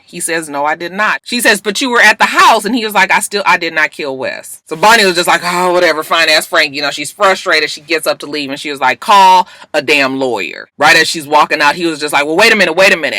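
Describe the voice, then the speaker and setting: A woman's voice: low voice, pushed and bright, no room sound. A woman vlogger casually recapping TV episodes, swearing freely and acting out the characters' lines as she goes. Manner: profane, chatty, acts out quoted lines.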